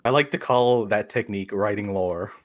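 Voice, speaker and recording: A man's voice: lowish voice, moderate pace. Laughing, swearing man telling stories. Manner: laughing storyteller, swears often. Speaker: podcast co-host. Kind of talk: casual chat. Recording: live stream podcast.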